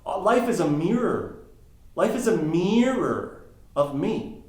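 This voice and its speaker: A man's voice: high-pitched, lively intonation, slow, darkish tone. A man talking as a guest on a podcast, a coach explaining ideas step by step with emphatic rises. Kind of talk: casual interview talk. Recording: roomy echo.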